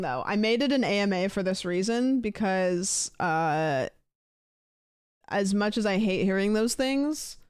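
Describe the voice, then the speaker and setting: Woman, young adult, croaky, sleepy-sounding, tired voice, animated pitch, casual stream chat, sarcastic rambling. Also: no room sound, studio quality. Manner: rambling, sarcastic, swears freely. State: tired voice, talking quietly. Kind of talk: casual live-stream chat, reading chat questions.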